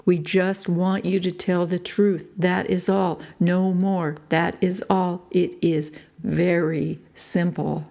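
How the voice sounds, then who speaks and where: A woman voicing a cold, relentless male interrogator in an audiobook, asking the same questions over and over in a low, slow, gravelly voice. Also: flat delivery, mellow. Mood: coldly insistent. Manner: repetitive, insistent questioning.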